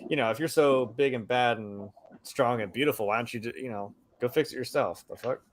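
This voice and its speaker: A man chatting casually on a film discussion podcast, animated and profane, acting out quotes in mocking voices. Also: mid-range voice, brisk, slight background noise. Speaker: podcast co-host.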